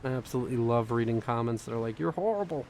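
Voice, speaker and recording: A young man casting a strategy video game with quick, chatty, self-mocking commentary, sounding tired. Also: medium pitch, level tone, a little mellow, a little hiss or hum. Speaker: game caster.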